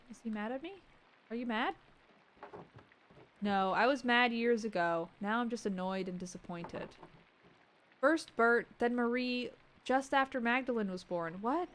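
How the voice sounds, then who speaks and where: Woman streamer, mid-pitched, reads game text aloud and drops into quiet muttered quips; slight background hiss. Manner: reads game dialogue aloud between joking asides; drops to soft muttered remarks. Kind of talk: let's-play commentary.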